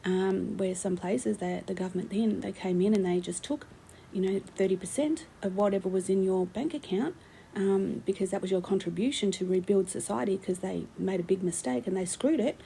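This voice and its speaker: A woman's voice: mid-range voice, normal speed, gravelly, dark tone, slight background noise, low-quality recording. A woman, giving rambling, opinionated commentary full of ums as she talks through her screen. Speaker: vlogger. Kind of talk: casual screen-share commentary.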